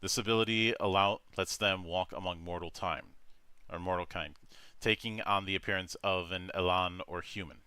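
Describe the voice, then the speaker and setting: A man's voice: low voice, steady tone, normal speed, bright, forceful tone, clear, resonant tone, no room sound. A man hosting a tabletop game stream, reading rules with many fillers and restarts. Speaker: game master.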